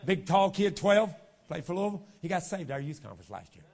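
A pastor in his fifties delivers a folksy, joking sermon in a fairly high voice. He drops to quiet asides, then builds up to shouting. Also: sing-song, fast, vocal fry. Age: 50s.

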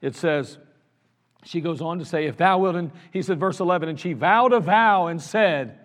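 A man's voice: a little high, moderate pace, a bit bright. A man preaching a sermon as pastor, in an earnest, conversational way with lots of repetition. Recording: long reverb of a large hall.

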